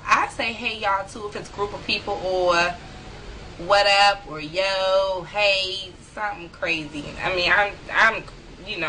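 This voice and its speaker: A young woman, vlogging casually from home, chatty and quick to laugh. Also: mid-range voice, sharp tone, a little hiss or hum, rough recording. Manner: chatty, laughs easily, talks to viewers. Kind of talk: casual vlog, reading a word list aloud. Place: room at home.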